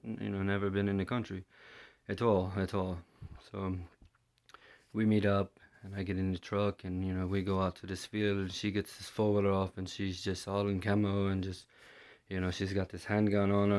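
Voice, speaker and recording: A man from London, telling a personal story in a hesitant way, full of fillers and restarts. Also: low-pitched. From London, England. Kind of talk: first-person storytelling monologue.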